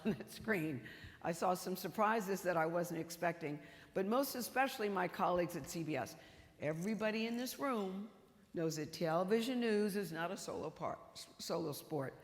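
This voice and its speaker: An older woman giving an acceptance speech on stage, emotional and chatty, telling funny stories to the audience. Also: on the low side. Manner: emotional, chatty storytelling with humor. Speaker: award honoree. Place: stage in a large auditorium. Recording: reverberant hall with live audience.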